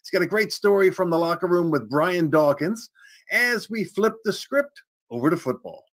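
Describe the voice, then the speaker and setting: Upbeat male show host, high voice. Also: animated, moderate pace. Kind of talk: scripted show links.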